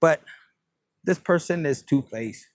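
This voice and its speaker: A man's voice: a little high, expressive, slow pace, no echo. A man giving a casual tarot reading, playful and profane, dropping Spanish phrases. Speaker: tarot reader.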